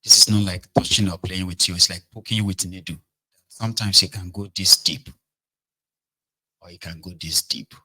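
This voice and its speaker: A man's voice: deep voice, fairly even intonation, normal speed, pushed and bright, breathy edge, rough recording. A man giving casual political commentary, talking directly to his viewers and checking in with them often. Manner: conversational, mixes in Pidgin, checks in with "okay? right?".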